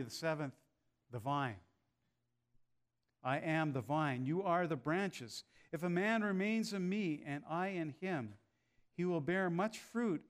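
A man preaching a sermon, speaking in a measured way with frequent "uh" pauses. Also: on the high side. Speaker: pastor.

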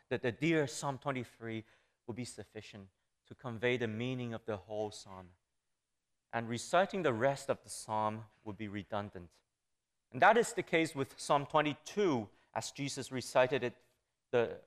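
Smooth-voiced man preaching on scripture. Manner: reads verses aloud with emphatic rising pitch. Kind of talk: sermon on scripture.

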